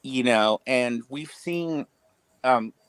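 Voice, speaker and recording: A man telling stories on a casual livestream, animated, profane and stammering as he talks. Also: medium pitch, takes it slowly, clean tone, no room sound. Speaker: streamer.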